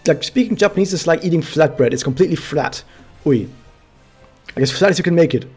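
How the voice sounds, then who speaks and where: A man's voice: fairly high pitch, rapid-fire, a little mellow, husky, faint music behind. A man streaming a game, chatting casually to his viewers and explaining things with many fillers. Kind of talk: casual gameplay commentary to chat.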